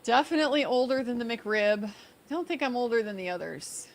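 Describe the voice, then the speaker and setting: A woman on a live stream, chatting in a thoughtful, measured way and answering viewers' questions. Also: on the high side, animated. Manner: thoughtful, measured, with small repeats. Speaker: fellow livestreamer. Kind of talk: casual live stream chat.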